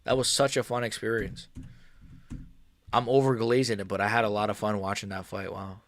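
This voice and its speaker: A man hosting a casual livestream, reading chat aloud and talking in a relaxed, rambling way with many fillers and restarts. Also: lowish voice, fairly quick. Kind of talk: casual live-stream chat.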